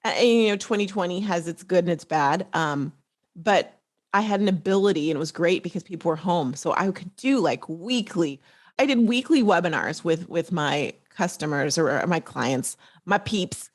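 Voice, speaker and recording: A woman's voice: on the low side, lively intonation, moderate pace. A woman in a casual business chat, telling her story with enthusiasm. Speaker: network marketing coach, guest.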